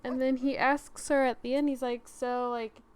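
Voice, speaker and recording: A woman's voice: high-pitched, level tone, normal speed, clean tone. A young woman chatting casually over a life-sim game, rambling and scatterbrained, talking to herself as she plays. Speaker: let's-play gamer. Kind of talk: casual gameplay commentary.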